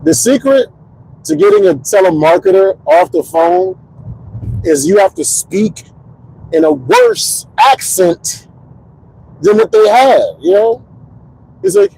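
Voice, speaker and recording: A man's voice: high-pitched, slow pace, creaky, pauses often, a little hiss or hum, poor audio. A man in his thirties from Connecticut, a comedian host rambling through a casual monologue from his car. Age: 30s. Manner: rambling, animated storytelling. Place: parked car.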